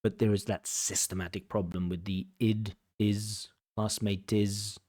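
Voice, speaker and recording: A man's voice: lowish voice, little pitch movement, darkish tone. A man giving an examiner's commentary on a speaking test, explaining mistakes and repeating words for emphasis. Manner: emphatic, repeats for stress, slows down to make points. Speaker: IELTS examiner and teacher.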